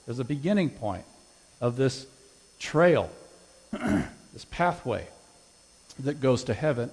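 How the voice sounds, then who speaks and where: A man's voice: mid-range voice, big pitch swings, slow pace, long pauses, darkish tone, in a large hall, low-quality recording. A man preaching a sermon with an invitation, quoting scripture emphatically and pressing his listeners with questions. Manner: emphatic, rising on scripture quotes.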